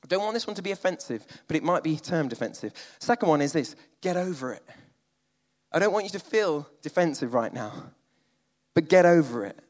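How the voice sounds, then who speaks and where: A man preaching a sermon, moving between loud emphatic lines and quiet, almost whispered ones. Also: a little high, lively intonation, brisk, big-room sound.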